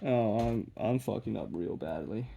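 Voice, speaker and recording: In this casual work-along vlog, a young man rambles to camera, mumbling, poking fun at himself, and frequently losing his thread and beginning again. His voice is on the low side, creaky and mellow, expressive and unhurried, with slight background noise behind it.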